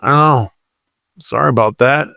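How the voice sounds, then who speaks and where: A man's voice: medium pitch, a little slow, vocal fry, bright, forceful tone, no echo. Man in a dry studio, joking around. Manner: joking, rambling, playful asides. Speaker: podcast co-host. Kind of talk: casual comedic podcast chat.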